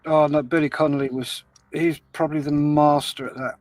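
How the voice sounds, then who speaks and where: A man co-hosts a relaxed livestream, cheerfully reading out viewer comments. His voice sits a bit high for a man. It sounds dry and close, with no room echo. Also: fairly quick, faint music behind. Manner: cheerful, reads chat comments aloud with laughs. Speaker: co-host reading live chat. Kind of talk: casual livestream chat.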